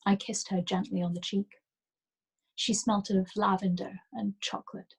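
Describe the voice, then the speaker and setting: A woman reading a novel aloud as a storyteller, in a soft and gentle manner that sometimes drops to a whisper. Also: mid-range voice, little pitch movement, moderate pace, creaky, husky, low-quality recording.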